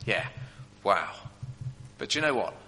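Man voicing a buoyant, unshaken chained prisoner-apostle in a sermon skit; bright and animated, hall echo. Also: lowish voice, measured pace, pitched below the performer's own voice, exaggerated voice. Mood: confident. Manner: upbeat, confident. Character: cheerful chained old apostle Paul.

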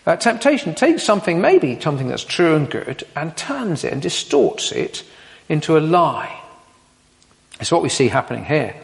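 Brief: an animated preacher man with a gravelly voice, heard with a long reverb in a church hall. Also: medium pitch. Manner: animated, rhetorical questions, playful asides. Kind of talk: sermon.

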